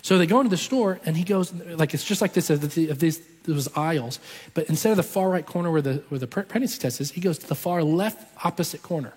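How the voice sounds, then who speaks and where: A man's voice: on the high side, fast talker, a little mellow, breathy edge. A man telling a story in a sermon, acting out the voices of the people in it. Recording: long reverb from a large hall.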